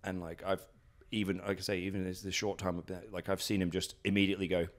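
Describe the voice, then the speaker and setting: A man's voice: low-pitched, little pitch movement, fast talker. A British man talking at home in an interview, rambling with lots of fillers and acting out what people said. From Britain. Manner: rambling, many fillers and restarts, acts out quotes. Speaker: guest, professional wrestler. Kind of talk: casual interview storytelling. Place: at his house.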